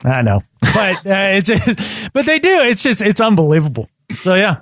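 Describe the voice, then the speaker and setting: Man, podcast co-host, high and very animated pitch, sarcastic riffs, dry close sound. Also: moderate pace, dry recording. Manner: sarcastic, riffs in mock voices. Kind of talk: casual chat.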